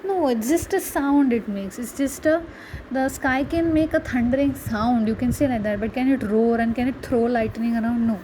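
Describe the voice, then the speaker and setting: A woman's voice: a little high, normal speed, mellow, slight background noise, low-quality recording. A woman teaching a grammar lesson, patiently explaining and asking her students rhetorical questions. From India. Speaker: English teacher.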